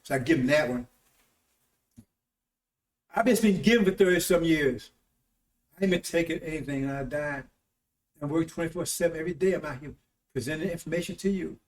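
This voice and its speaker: Speaking briskly in a slightly high voice with long pauses, a man preaches a rambling, informal sermon on his broadcast. He keeps tagging on "See?" and "Right?" to check in with listeners, and the audio has a roomy echo from a distant mic.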